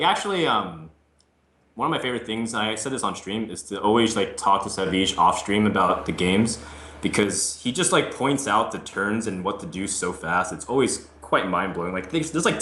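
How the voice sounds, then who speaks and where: A man chatting on a gaming panel, animated and talkative, slipping into quick impressions of others. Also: on the low side, reverberant. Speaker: Hearthstone caster. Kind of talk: casual panel chat.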